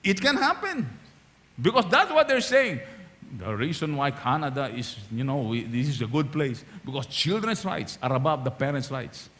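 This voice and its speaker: A man's voice: fairly high pitch, moderate pace. A male pastor with a Filipino accent preaches a sermon, switching between English and Tagalog and often asking the congregation questions. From Philippines. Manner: animated, asks the crowd questions.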